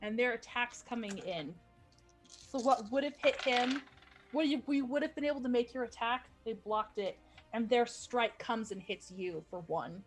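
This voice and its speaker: A woman's voice: on the high side, normal speed, music in the background. A woman narrating as game master, chatty and cheerful, with stumbles and asides.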